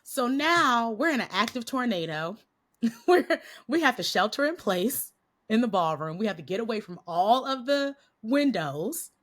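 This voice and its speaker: Bright-voiced woman telling a story. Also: on the high side, unhurried. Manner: animated, laughing often, acts out quotes. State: slightly nasal from a cold. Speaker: podcast guest, Christian coach. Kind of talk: casual storytelling interview.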